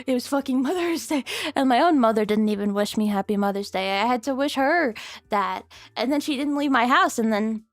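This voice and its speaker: A young adult woman streaming, chatting casually with viewers, rambling and giggly, swearing freely and jumping into squeaky high bits. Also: a little fast, dry recording.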